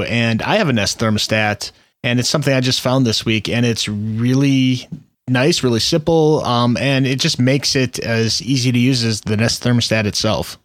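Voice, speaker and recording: A man's voice: mid-range voice, no room sound. A man co-hosts a tech podcast in an easygoing, casual way. He hesitates often and uses many fillers. The recording is dry and close. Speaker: podcast co-host.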